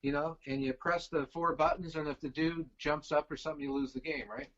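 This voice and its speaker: A man's voice: on the high side, steady tone, fairly quick, fairly bright tone. Rambling middle-aged man, lo-fi. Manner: rambling, lots of fillers and restarts. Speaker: guest, venue stage crew. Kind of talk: casual storytelling.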